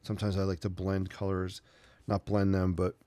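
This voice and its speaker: A man's voice: low-pitched, monotone, moderate pace, dark tone, dry recording. A man hosting a casual sketching livestream, rambling easily while he paints and answers viewers. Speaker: art livestream host.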